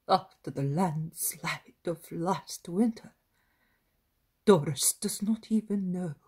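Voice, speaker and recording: A woman's voice: lowish voice, darkish tone, slightly rough, heavily acted. A woman voicing a tearful elderly peasant grandfather who pleads for his grandson. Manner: tearful and imploring.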